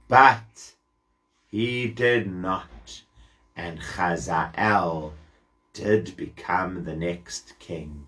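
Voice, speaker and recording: A man telling a Bible story to children, animated and asking them questions along the way. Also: sits low, extremely slow.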